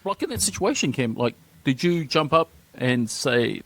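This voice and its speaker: A man's voice: medium pitch, animated, moderate pace, no echo. A man co-hosting a casual sports chat podcast, hyped and teasing, often saying "talk to me". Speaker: podcast co-host.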